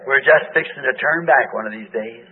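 An older man preaching a homespun sermon with a hoarse voice, chatting with the congregation and asking them questions. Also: medium pitch, moderate pace, a little hiss or hum. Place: church meeting hall. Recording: tinny lo-fi tape of a church service.

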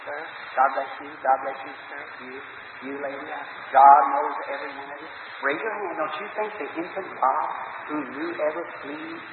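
A man's voice: a little high, far from the mic. A man preaching a fervent revival sermon and altar call, pleading with his congregation. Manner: fervent, rising to pleading cries. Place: church hall. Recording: roomy hall from afar, phone-like lo-fi, noisy.

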